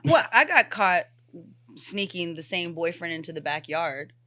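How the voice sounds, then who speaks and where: A woman co-hosting a podcast who tells an expressive story, swearing as she goes. Her voice is bright and forward, recorded dry and close. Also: on the low side, a little slow, no echo. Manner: expressive, swears, acts out quotes. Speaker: podcast co-host. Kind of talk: casual storytelling chat.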